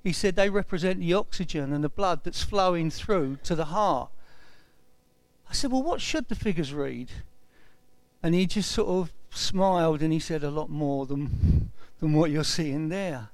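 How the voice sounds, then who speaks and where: A man's voice: fairly high pitch, moderate pace, no room sound. A man in his sixties tells a personal testimony and acts out the dialogue as he recounts it. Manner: retells events with lively quoted dialogue.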